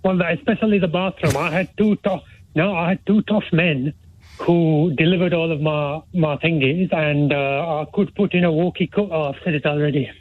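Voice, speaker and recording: A man calling in to a radio phone-in, talking in a hushed, rambling way with lots of fillers and restarts. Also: fairly high pitch, steady tone, moderate pace. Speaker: caller. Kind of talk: phone-in chat. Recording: tinny phone line.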